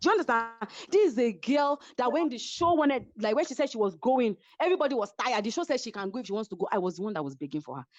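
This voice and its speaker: A woman's voice: fairly high pitch, lively intonation, fast talker, hardly any pauses, dry recording, dull audio. A middle-aged Nigerian woman with a Nigerian accent, a reality show guest telling a story in a dramatic way on a remote call. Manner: dramatic, keeps asking "do you understand?". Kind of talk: animated storytelling in an interview.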